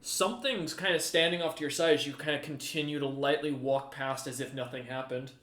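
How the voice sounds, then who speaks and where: A man's voice: medium pitch, brisk, a bit bright, roomy sound. A man narrating a tabletop game as game master, rambling with fillers and restarts.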